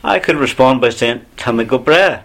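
A man's voice: medium pitch, expressive, moderate pace, a bit bright. A man from Ulster with an Ulster Irish accent, patiently explaining phrases as a language teacher. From Ulster, Ireland.

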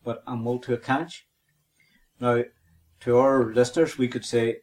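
Man teaching phrases slowly. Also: mid-range voice, steady tone, darkish tone. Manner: patient, repeats phrases slowly for learners. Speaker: Irish language teacher. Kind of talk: podcast language lesson.

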